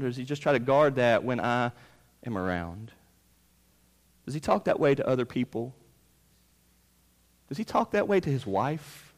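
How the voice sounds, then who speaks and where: Emphatic male preacher in a reverberant hall. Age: 30s. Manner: emphatic preaching, rising loud on key points and dropping low. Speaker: pastor. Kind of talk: sermon. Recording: long reverb of a large hall.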